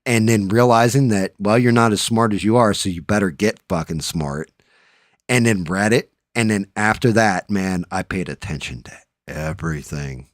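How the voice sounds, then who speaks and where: Casual male show host, low register, salty storyteller, dry close mic. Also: normal speed, no echo. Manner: profane, storytelling, animated when riled up. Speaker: podcast host. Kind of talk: casual chat.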